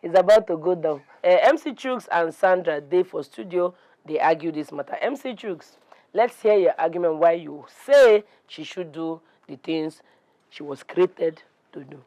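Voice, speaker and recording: A woman with a Nigerian accent hosting a debate talk show, brisk and encouraging as she moderates. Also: fairly low pitch, expressive, dark tone.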